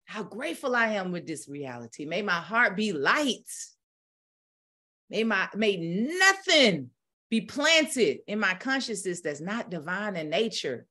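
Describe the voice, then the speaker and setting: A female spiritual teacher with a mid-range voice preaches with rising fervor, then shifts to leading a slow, calm guided meditation.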